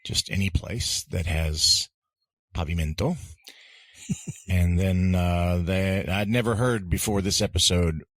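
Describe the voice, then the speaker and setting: Deep-voiced man, husky and dry. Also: slow pace, no room sound. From United States. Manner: relaxed, jokey, chuckling. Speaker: podcast co-host. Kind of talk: casual language-lesson podcast chat.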